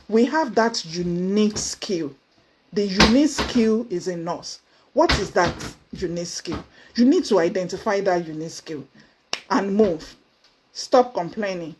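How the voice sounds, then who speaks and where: A woman's voice: mid-range voice, darkish tone, slight background noise. A woman giving a motivational talk to mothers, with emphatic, repetitive urging. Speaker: motivational vlogger.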